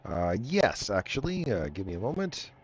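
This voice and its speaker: A man running a tabletop game as game master, talking in a relaxed, halting way with many fillers. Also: on the low side. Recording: dull dry lo-fi audio.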